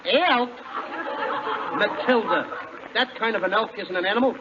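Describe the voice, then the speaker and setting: A man's voice: high-pitched, normal speed, over a noisy crowd. A man doing whiny, flustered comic delivery in a 1940s radio comedy. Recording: muffled 1940s radio broadcast with hiss.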